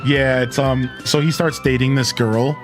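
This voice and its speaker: A man's voice: mid-range voice, fairly even intonation, unhurried, soft background music. A young man streaming a game, chatting casually and retelling a story with lots of fillers. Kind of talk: casual chat while playing.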